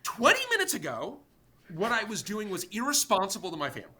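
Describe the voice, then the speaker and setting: A middle-aged man, a podcast guest, telling an animated story in an emphatic, exasperated way, blunt and sometimes profane, talking in rapid bursts full of restarts. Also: high-pitched, husky. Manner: talks in rapid bursts with many restarts and fillers. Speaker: podcast guest, tech company co-founder.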